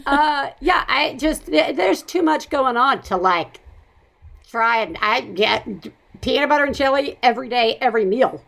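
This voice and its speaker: A woman with a Southern American accent hosting a podcast, talking in a chatty, animated way with frequent laughs. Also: high-pitched, unhurried, gravelly. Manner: chatty, animated, laughs often, rambling asides. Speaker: podcast host. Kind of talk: casual chat.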